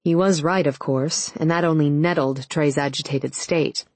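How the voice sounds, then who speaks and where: A woman narrating a romance audiobook in a steady, measured reading. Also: deep voice, dry recording. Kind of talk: scripted narration.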